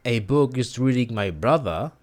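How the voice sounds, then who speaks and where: A man's voice: medium pitch, expressive, moderate pace. A man giving an informal recorded lesson, hesitant and thinking aloud with many restarts and fillers. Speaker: language teacher.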